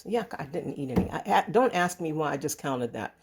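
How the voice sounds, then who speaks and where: A woman's voice: on the low side, a little slow, a little mellow. A woman hosting her own cooking vlog, chatty and rambling with many restarts, filmed on a handheld camera in a home kitchen. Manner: chatty and rambling, with restarts, calls viewers folks. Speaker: channel host. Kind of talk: casual home cooking demo.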